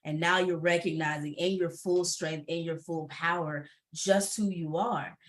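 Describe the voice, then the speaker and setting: A woman speaking candidly on a panel, expressive, laughing often, her pitch jumping when she gets animated. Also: unhurried. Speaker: panelist entrepreneur.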